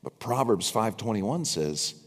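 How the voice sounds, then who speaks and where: Slow, lively older male preacher. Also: on the low side. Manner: animated, wry asides to the congregation. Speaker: pastor. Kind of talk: sermon. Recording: long reverb from a large hall.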